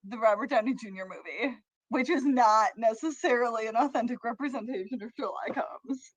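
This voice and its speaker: A woman's voice: on the high side, brisk, no echo. A woman co-hosting a library livestream, chatting in a playful, self-deprecating way with frequent laughter. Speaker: co-host, teen librarian. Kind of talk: casual livestream chat.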